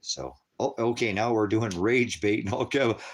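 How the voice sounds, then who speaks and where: A man with a notably deep voice talks loosely on a livestream from home. He rambles from topic to topic, cracks crude jokes, and slips into doting baby talk with his dogs. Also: moderate pace, slight background noise. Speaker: livestream host.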